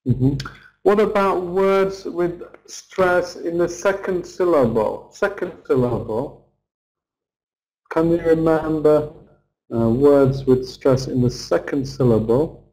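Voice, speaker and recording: Slow, mellow male English teacher. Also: on the high side, low-quality recording. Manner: slow, deliberate, modelling words for repetition. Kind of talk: pronunciation lesson, slow drills.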